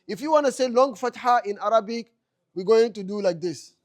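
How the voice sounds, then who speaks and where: A man's voice: sits high, fairly quick. A man teaching an Arabic class in a mosque classroom, asking the students questions and answering them himself, repeating key phrases. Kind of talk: classroom lecture.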